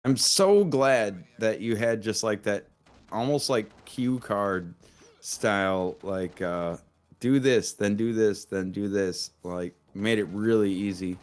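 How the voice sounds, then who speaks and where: A man's voice: fairly low pitch, takes it slowly. A man casually commenting on his own speedrun, laid-back and giggly, rambling a little. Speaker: speedrunner in the race. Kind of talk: casual commentary while playing.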